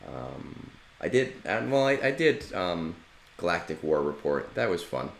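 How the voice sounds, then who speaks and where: Low-voiced male streamer, loose and swearing. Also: very animated, measured pace, creaky, reverberant, a little hiss or hum. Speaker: game streamer. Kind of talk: casual live-stream chat.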